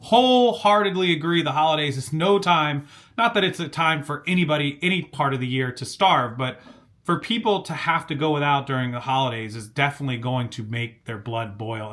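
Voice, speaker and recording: A man's voice: mid-range voice, fairly bright tone. A man hosting a reaction commentary video, talking conversationally and seriously. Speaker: commentary channel host.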